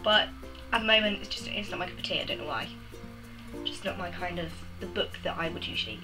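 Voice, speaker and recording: A young woman in casual chat as a book vlogger, bubbly and full of quick asides, with music behind. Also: on the low side, low-quality recording.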